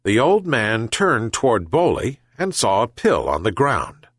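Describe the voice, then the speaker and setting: A male reader telling a fable in a slow, careful storybook style meant for language learners. His pitch is mid-range but rises and falls very widely. The recording is dry and close to the mic. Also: huge pitch swings, fairly bright tone, husky, no echo. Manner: slow, deliberate reading for learners. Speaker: audiobook reader. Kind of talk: scripted storybook narration.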